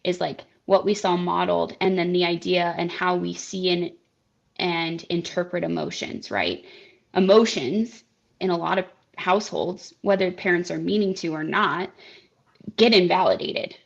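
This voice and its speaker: A woman life coach is a guest on a talk show, speaking thoughtfully over a video call. Her voice has a gravelly fry, and the audio is dull and muffled. She checks in often with "right?". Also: on the low side, normal speed. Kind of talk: interview conversation.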